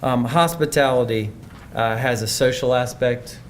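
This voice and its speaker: A man's voice: medium pitch, a little slow, a little hiss or hum. Man giving a conversational theology talk. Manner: conversational, thoughtful, with restarts. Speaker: speaker. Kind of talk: conference presentation.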